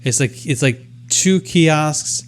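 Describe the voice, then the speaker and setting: A man's voice: fairly high pitch, slow pace. A man co-hosting a podcast, telling a story with lots of fillers and mimicked machine sounds. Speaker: podcast co-host. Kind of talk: casual chat.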